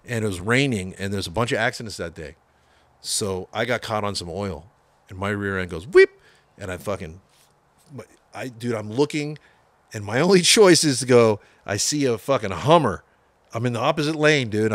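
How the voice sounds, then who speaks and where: A man from the San Francisco Bay Area tells a band story in a low voice, full of swearing and animated asides. He slips into the voices of the people he quotes. The sound is dry and close. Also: no room sound. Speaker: metal guitarist guest. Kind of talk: casual storytelling interview.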